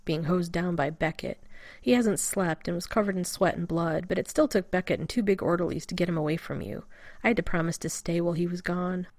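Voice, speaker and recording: Woman reader playing a blunt male warrior, few words, low and flat, dry close read. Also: a little fast, no echo.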